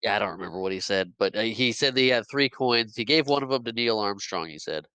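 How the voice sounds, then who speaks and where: A man co-hosting a podcast, chatting about a movie in a giggly, halting way with many restarts. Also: on the low side, lively intonation, sharp tone, smooth, no room sound. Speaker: podcast co-host. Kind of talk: casual movie recap chat.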